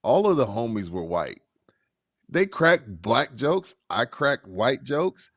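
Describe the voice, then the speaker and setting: A middle-aged man co-hosts a podcast in a loose, playful way. His voice sits mid-range but swings through extreme highs and lows. It is recorded dry and close on a studio mic. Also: takes it slowly, dry recording. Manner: loose, playful, jumpy and expressive. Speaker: podcast co-host. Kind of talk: casual podcast banter. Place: podcast studio in a sports bar.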